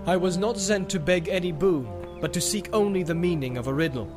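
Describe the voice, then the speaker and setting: A man's voice: a little high, brisk, over music, pitched above the performer's own voice, lightly acted. A man voicing a proud, doubtful human warrior in a read-aloud story. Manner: proud, emphatic.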